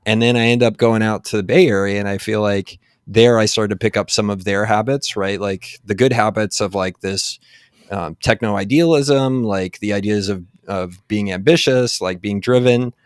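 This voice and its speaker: Man, 40s, from San Antonio, podcast host, lowish voice, loose rambling chat, dry close sound. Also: fairly even intonation, normal speed, clear, resonant tone, no echo. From San Antonio, Texas. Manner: rambling, many filler likes and restarts. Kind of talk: casual conversation.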